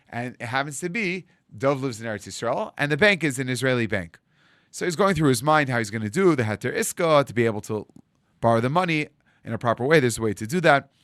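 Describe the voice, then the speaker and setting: Rabbi telling a story, dry close sound. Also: male voice, mid-range voice, dry recording. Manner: animated storyteller acting out dialogue. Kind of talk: storytelling sermon.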